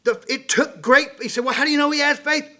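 A middle-aged man preaching a sermon, folksy and animated, swinging between loud and quiet. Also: extremely high pitch, fast. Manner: folksy, animated preaching with rising and falling volume.

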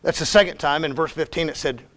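A middle-aged male pastor with a notably high voice delivers a heartfelt sermon. He speaks personally and emphatically, dropping to near-whispers before rising to forceful emphasis. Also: fast. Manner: emphatic, personal, swings between hushed and shouted.

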